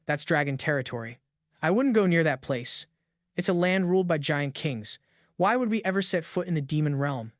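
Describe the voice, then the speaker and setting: A man's voice: fairly high pitch, lively intonation, moderate pace, no echo, close to an everyday voice. A man voicing a young outcast hero who asks anxious questions, read as a dry recap voice-over. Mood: nervous. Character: young male academy outcast, nervous hero.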